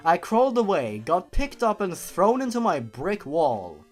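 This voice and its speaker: A man's voice: high voice, huge pitch swings, unhurried, soft background music. Man reading a scary story with sarcastic asides. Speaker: YouTube narrator.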